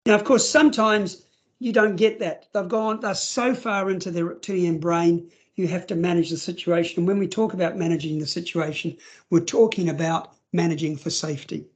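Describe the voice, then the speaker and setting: A man's voice: sits high, fairly even intonation, normal speed. A man presenting a webinar for foster carers in a conversational way, acting out scenarios and using plenty of fillers. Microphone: video call.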